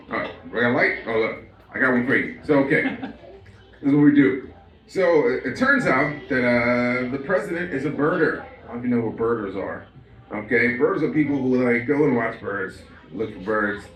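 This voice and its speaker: A man's voice: medium pitch, fairly bright tone. A young man rambles through a stand-up set, his talk loose and full of fillers, with his own laughs breaking in. His voice sits in a middle range, and the sound is roomy and distant, as if captured from the back of a small club. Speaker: stand-up comic. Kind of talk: stand-up comedy at an open mic. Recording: echoey room, mic heard from a distance.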